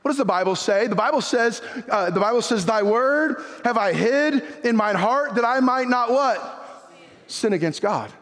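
Pastor guy preaching, pretty high voice, goes from loud fired up to real quiet, big echoey church sound. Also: lively intonation, normal speed. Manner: impassioned preaching, rising to near shouts then dropping low. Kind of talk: sermon. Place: church sanctuary. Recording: long reverb of a church hall.

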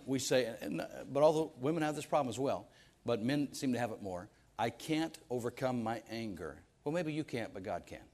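A man's voice: mid-range voice, darkish tone. A man preaching a sermon, firing off rhetorical questions and stumbling over repeated words as he presses his points. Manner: emphatic preaching with stammered restarts and rhetorical questions. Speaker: pastor.

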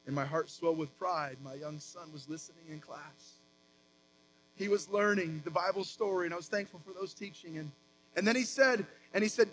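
High-voiced preaching man. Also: low-quality recording. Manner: animated preaching with emphatic rises and quick asides. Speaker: pastor. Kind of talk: sermon.

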